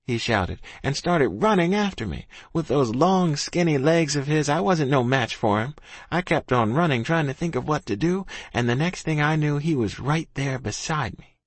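A man's voice: mid-range voice, animated, moderate pace, no echo. A man narrating a first-person story in a folksy rural dialect. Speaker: audiobook narrator.

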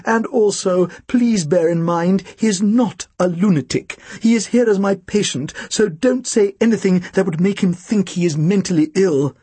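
A man's voice: sits high, normal speed, few pauses, dark tone, slightly rough, no echo, pitched above the performer's own voice. A man voicing a formal, cautious male doctor who gives precise, earnest warnings about his patient.

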